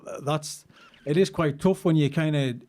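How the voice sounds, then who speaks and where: A man hosting a podcast, chatting casually and telling animated stories. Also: on the high side, moderate pace. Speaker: podcast host. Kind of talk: casual chat.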